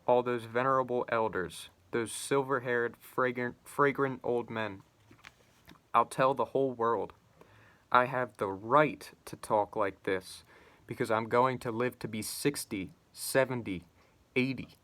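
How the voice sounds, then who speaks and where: A man's voice: medium pitch, steady tone, a little slow, fairly bright tone, natural voice. Man reading as a bitter spiteful forty-year-old. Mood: bitter, sardonic. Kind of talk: reading a novel aloud.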